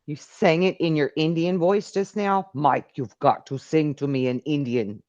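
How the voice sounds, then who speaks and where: Slow, chatty woman host with a low voice. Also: darkish tone, no room sound, muffled recording. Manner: chatty, reads viewer messages aloud, laughs often. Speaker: live call-in show host. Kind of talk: casual live-stream chat.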